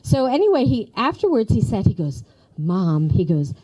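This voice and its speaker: A woman's voice: mid-range voice, big pitch swings, normal speed, dark tone, breathy edge, low-quality recording. A woman in her fifties, the late woman's niece, giving a personal eulogy full of fond stories and laughing at her memories. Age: 50s.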